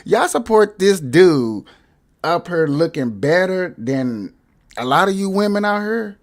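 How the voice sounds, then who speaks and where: A man hosting a casual live stream, addressing viewers directly in a loud, mocking way. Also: high voice, big pitch swings, measured pace.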